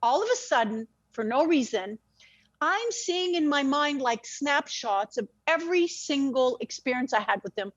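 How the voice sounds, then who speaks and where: A woman with a high voice tells a deeply personal story as an interview guest. She is animated and swears freely, often breaking off and restarting her sentences. The sound is dull and lo-fi, with a dry, close feel. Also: moderate pace, no room sound.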